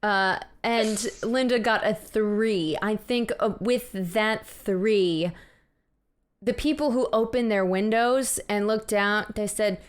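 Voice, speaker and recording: A woman narrates as game master, laying out scenes in detail at an easy, unhurried pace. Her voice sits at a middling pitch. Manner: descriptive, unhurried narration with small restarts.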